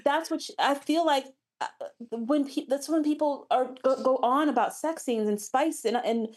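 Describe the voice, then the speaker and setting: A woman's voice: high-pitched, moderate pace, a little mellow. A woman romance author as an interview guest, chatting animatedly with frequent restarts. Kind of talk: casual interview chat.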